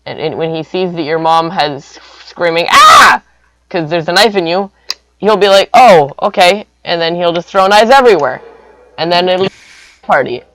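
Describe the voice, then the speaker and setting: A man's voice: high-pitched, a little fast, fairly bright tone, no echo, rough recording. A young man rambling through an improvised comic story, full of silly sound effects.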